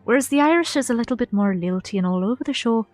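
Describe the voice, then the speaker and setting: A woman's voice: fairly high pitch, lively intonation, fast, darkish tone, dry recording. A woman streamer in casual chat with her viewers, rambling and repeating herself with lots of ums. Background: faint background music.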